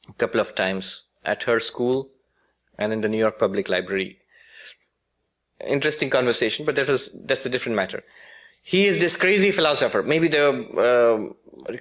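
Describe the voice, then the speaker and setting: A man's voice: medium pitch, fairly bright tone. A man, a spiritual teacher, giving a philosophy lecture with humorous storytelling and frequent self-corrections.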